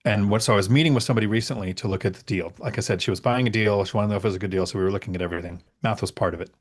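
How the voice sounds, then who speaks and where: A middle-aged man with a lowish voice hosts a relaxed live Q&A. He reads viewer questions aloud, then answers plainly and leans on repeated words for emphasis. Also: very fast. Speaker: host. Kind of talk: casual live Q&A chat.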